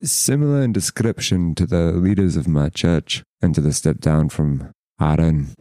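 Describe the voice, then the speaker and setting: Male tabletop player, low mellow voice, wry and sweary, dry close sound. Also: moderate pace, no room sound. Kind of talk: in-character tabletop role-play.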